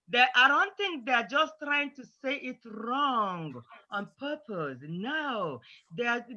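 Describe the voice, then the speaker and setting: A woman's voice: high voice, sharp tone. A woman teaching children in an online class, patient and coaxing as she explains. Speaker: language teacher. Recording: muffled lo-fi audio.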